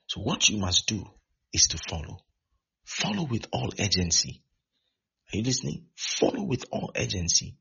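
Man, pastor, repetitive exhorting sermon, deep voice, gravelly, lively swings in pitch. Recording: dull lo-fi recording.

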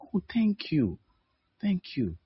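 A man's voice: sits high, wildly swooping pitch, slow pace, husky, dry recording, lo-fi sound, voice pushed up, full character voice. A man voicing a coy young woman in a sermon skit, hesitant and stammering as she fishes for expensive gifts. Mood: grateful. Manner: hesitant, stammering, fishing for favors.

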